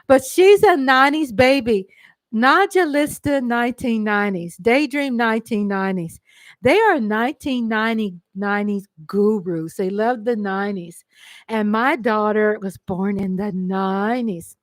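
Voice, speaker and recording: A grandmother from Texas, chatting effusively on her live stream and breaking into excited squeals. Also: medium pitch, unhurried, dry recording. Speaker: livestream host. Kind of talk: casual live-stream chat.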